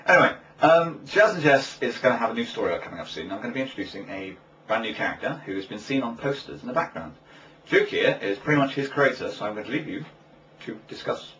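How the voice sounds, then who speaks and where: Young guy hosting, bright lively voice, dry teasing jabs, far off lo-fi mic. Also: mid-range voice, fast. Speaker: vlog host. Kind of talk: casual chat. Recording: distant lo-fi mic with faint hiss.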